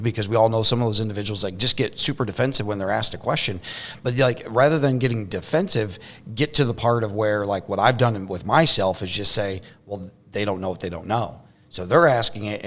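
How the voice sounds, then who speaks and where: A man's voice: lowish voice, a bit bright. A man hosting a podcast, talking casually and rambling, with lots of restarts and fillers. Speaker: podcast host. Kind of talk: casual conversation.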